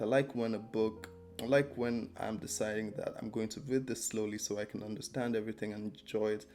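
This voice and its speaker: Man, casual book review, low voice, rambling, lots of ums, soft guitar music underneath. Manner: rambling, hesitant, many ums and restarts.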